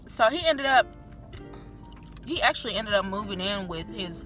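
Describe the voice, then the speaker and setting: A woman's voice: mid-range voice, lively intonation, moderate pace, fairly bright tone, faint music behind. A young woman vlogger telling a candid personal story in a chatty, filler-heavy way, swearing freely.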